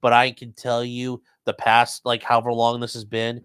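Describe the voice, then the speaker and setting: A man's voice: mid-range voice, completely flat delivery, moderate pace, a bit bright, smooth, dry recording. A man hosting a casual livestream chat, rambling and laid-back. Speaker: host.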